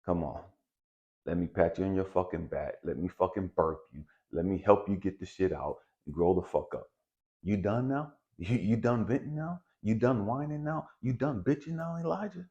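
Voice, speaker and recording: A man voicing God as a calm, fatherly spirit who gently questions and teasingly scolds him, with profanity. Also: low-pitched, moderate pace, lo-fi sound. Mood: mocking scolding.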